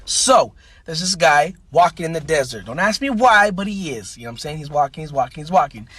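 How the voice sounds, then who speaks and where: A man's voice: fairly high pitch, big pitch swings, fairly quick, a bit bright. Casual, profane man telling jokes. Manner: loose and profane, keeps asking "you know what I'm saying". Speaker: TikTok joke teller.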